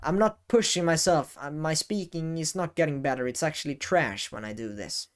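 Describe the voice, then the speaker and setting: A man talking to the camera in a casual advice vlog, often halting and correcting himself as he goes. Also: fairly high pitch. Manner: halting, self-correcting, varies emphasis. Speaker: YouTube creator. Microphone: camera facing speaker.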